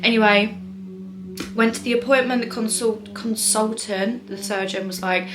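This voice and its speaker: A woman's voice: a little high, level tone, normal speed, music in the background. A young woman telling a personal story to camera in a rambling, chatty way, full of fillers and restarts. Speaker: vlogger. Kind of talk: casual storytime monologue.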